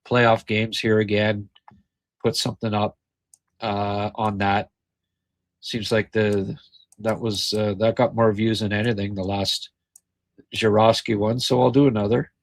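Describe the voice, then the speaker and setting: Slow-talking Ottawa Valley man host. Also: on the low side, no echo. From Ottawa Valley, Canada. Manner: halting, with frequent pauses and fillers. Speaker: podcast host. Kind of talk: casual post-game hockey chat, reading viewer comments.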